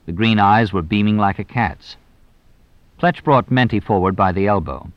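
A man narrating an audiobook in a measured, plain storytelling manner. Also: fairly low pitch, no echo, highs cut off. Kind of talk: scripted narration.

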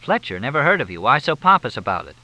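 A man voicing a sharp, teasing female news reporter, with dry, quick, playful banter. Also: mid-range voice, big pitch swings, no echo, voice pushed up, exaggerated voice, rough recording.

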